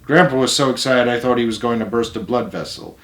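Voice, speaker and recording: A man reads a novel aloud in a mid-pitched voice, steady and plain, fixing small slips as he goes. His voice carries a roomy echo. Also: a little fast. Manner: plain steady reading with small self-corrections. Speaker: storyteller.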